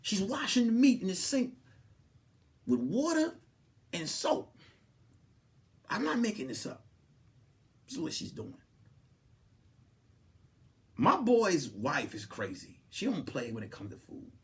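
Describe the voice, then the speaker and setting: A man hosting a comedy podcast, telling a story in a casual, animated way and swinging from hushed asides to loud, laughing outbursts. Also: high-pitched, unhurried, long pauses. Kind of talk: comic storytelling.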